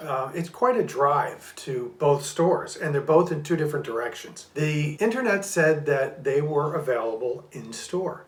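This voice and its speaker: An older man co-hosting a home vlog, telling in an easygoing, plain-spoken way how an errand went wrong. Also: fairly high pitch. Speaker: co-host, husband. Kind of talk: casual storytelling vlog. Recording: echoey room.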